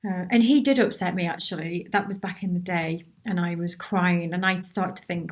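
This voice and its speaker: A woman's voice: fairly low pitch, fairly even intonation, moderate pace, hardly any pauses. Chatty woman hosting a live Q&A. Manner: chatty and encouraging, with many restarts and asides; reads out viewers' comments and replies to them. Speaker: workshop host answering viewer questions. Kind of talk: casual live Q&A.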